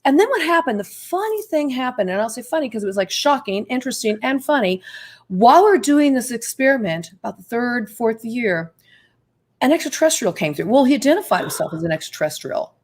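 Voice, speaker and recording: Excitable woman telling a story. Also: a little high, a little fast. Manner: excitable, emphatic, talks straight to the audience. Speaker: guest, Ouija board expert. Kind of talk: animated storytelling in an interview.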